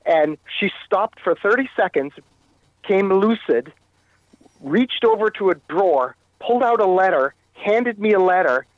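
A Canadian man tells his story as a guest in an interview, halting and often circling back to repeat himself. His voice sits a little high for a man. It comes over a dull, muffled line with no room sound around it. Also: expressive, no room sound. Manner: halting, repeats and restarts phrases. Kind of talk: telling a personal story in an interview.

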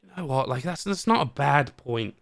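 A man hosting a podcast in casual chat, animated, laughing often and swearing casually as he talks about games. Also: mid-range voice, normal speed, creaky, dry recording, studio quality. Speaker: podcast host.

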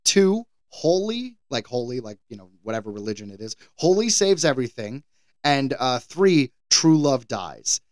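A man's voice: mid-range voice, big pitch swings, moderate pace, no room sound. An American man co-hosting a podcast, chatting casually with wry, playful banter. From United States. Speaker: podcast co-host.

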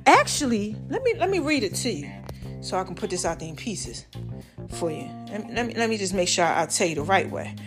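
A podcast host with a mid-range, darkish voice tells a Bible story in a casual sermon style. She's chatty and keeps asking "right?"

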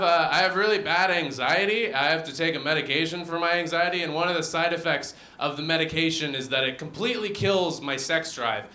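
Deadpan young man doing stand-up. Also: a little high, slight background noise. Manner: deadpan, self-deprecating delivery. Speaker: stand-up comedian. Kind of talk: stand-up comedy set. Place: comedy venue with audience. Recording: roomy venue sound.

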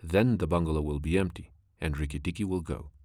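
A man voicing a large, deadly male cobra in a storybook reading, slow and deliberate. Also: a bass voice, darkish tone, no echo, clean studio sound. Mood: menacing.

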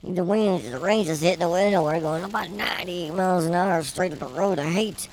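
A woman co-hosting a casual comedy podcast, telling a rambling story in a wry, deadpan way. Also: lowish voice, fairly quick, low-quality recording. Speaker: podcast co-host.

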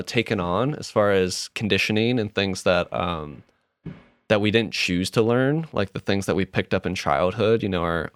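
A man hosting a podcast, talking in a calm, reflective, unhurried way with many fillers. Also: fairly low pitch, clean tone. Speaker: podcast host. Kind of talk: reflective casual podcast chat.

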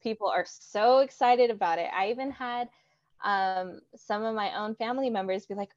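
A woman's voice: medium pitch, normal speed, no room sound, highs cut off. A young woman guest on a book podcast chatting casually, playful and emphatic. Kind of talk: casual chat.

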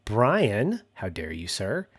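A man hosting a podcast, recapping a TV episode in a relaxed, chatty way. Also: fairly low pitch, takes it slowly, husky. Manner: relaxed, laughs often, acts out quotes. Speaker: podcast host. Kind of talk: casual TV recap chat.

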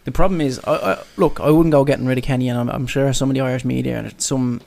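A man co-hosting a sports podcast, giving a measured take that he thinks through aloud, clearing his throat now and then. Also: medium pitch, steady tone, darkish tone. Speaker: podcast co-host. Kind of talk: casual sports podcast chat.

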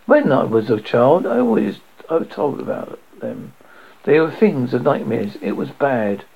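A man reading aloud and voicing the Doctor, an eccentric time traveller who is politely insistent and brisk. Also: mid-range voice, big pitch swings, vocal fry, breathy edge, exaggerated voice. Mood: uneasy. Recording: dull lo-fi audio.

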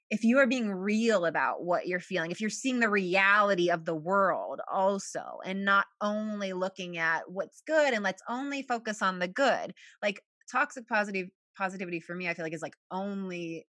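Podcast guest: young woman, bright and forward voice, chatty with constant "like" fillers, dry close sound. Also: medium pitch, no echo. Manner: chatty, many "like" fillers, laughs often. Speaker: podcast guest, journal creator. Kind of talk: casual podcast conversation.

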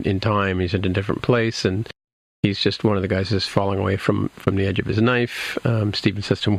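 A man's voice: fairly low pitch, no room sound. A man in casual chat, rambling through a recap with many restarts and fillers. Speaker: podcast co-host recapping a TV episode.

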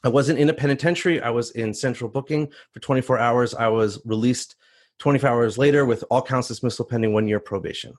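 A man telling a first-person story on stage, animated and acting out the voices of others. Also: mid-range voice, quick pace. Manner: animated, acts out voices in quotes.

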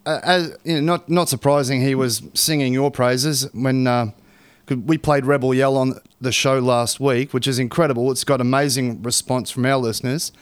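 A man's voice: mid-range voice, fairly even intonation, normal speed, clear, resonant tone, dry recording. A man hosting a podcast, chatty and enthusiastic. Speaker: podcast host. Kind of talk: casual podcast interview.

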